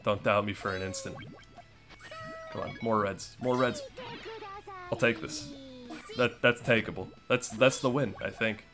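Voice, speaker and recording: A man's voice: fairly low pitch, a little slow, long pauses, over music. A young man giving casual commentary on a puzzle game he is playing, with playful, sarcastic trash talk aimed at his opponent. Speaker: gaming streamer.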